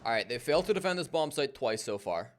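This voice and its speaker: A man's voice: mid-range voice, sing-song, fast talker. A man casually co-casting an esports match on stream, joking with chat and calling plays. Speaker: co-stream caster. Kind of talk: casual game commentary.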